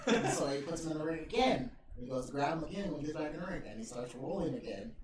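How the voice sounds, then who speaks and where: Animated guy telling stories in a roomy room. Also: fairly high pitch, rapid-fire. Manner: animated storytelling with swearing and laughter. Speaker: podcast host. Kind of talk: casual podcast chat. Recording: roomy, distant, noisy home recording.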